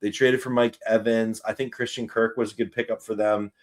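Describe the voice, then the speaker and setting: A man's voice: fairly low pitch, level tone, fairly quick. A Canadian man hosting a sports show, chatting casually and upbeat through his football season predictions. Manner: chatty, upbeat, self-deprecating. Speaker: sports podcast host.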